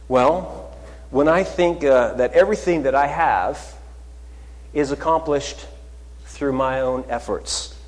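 A man preaching to his congregation, mid-pitched and conversational, leaning on rhetorical questions and shifting between loud and hushed passages. His voice carries a long, hanging reverb, as if he stands in a large church sanctuary. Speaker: pastor. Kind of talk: sermon.

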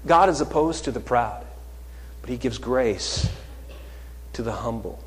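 A man preaching to his congregation, mid-pitched and conversational, leaning on rhetorical questions and shifting between loud and hushed passages. His voice carries a long, hanging reverb, as if he stands in a large church sanctuary. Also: animated, unhurried. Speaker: pastor. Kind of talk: sermon.

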